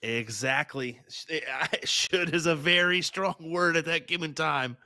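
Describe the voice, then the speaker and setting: A male darts commentator with a slightly high, bright, forceful voice. He talks through the match in an upbeat, chatty way, often restarting his sentences. The sound is dry and close. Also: unhurried, dry recording. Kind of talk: live sports commentary.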